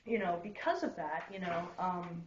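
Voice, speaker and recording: Saint Peter, gentle old man rambling kindly, as a drunk woman puts him on, roomy dull party recording. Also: fairly low pitch, normal speed, slight background noise, pitched below the performer's own voice, lightly acted. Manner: soft, rambling with many fillers.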